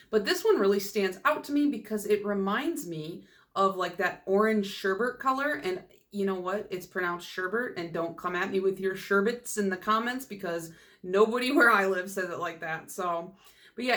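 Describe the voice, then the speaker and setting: A young woman talking casually to camera, chatty and rambling, with plenty of asides and a self-deprecating streak. Her voice sits at an ordinary middle pitch for a woman. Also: fairly bright tone. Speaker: nail polish YouTuber. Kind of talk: casual chat.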